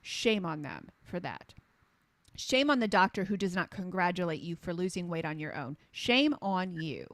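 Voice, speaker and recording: Here a middle-aged woman, a health coach, argues her cause with fervor in a lowish voice at a moderate pace, with no echo. She is an animated storyteller who acts out quotes, and she repeats key phrases to hammer her points home.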